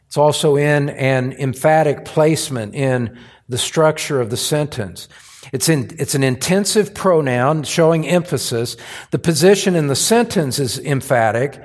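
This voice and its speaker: In a fairly high voice with lively intonation, a pastor preaches in church. His delivery is earnest and emphatic, each point pressed home through deliberate phrasing.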